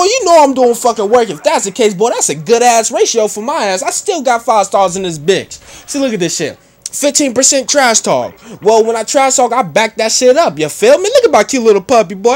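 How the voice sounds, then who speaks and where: A man's voice: very high-pitched, very animated, normal speed, hardly any pauses. A teenage boy giving casual gameplay commentary, brash and profane, rambling with lots of "you know" and slang. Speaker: gaming commentator.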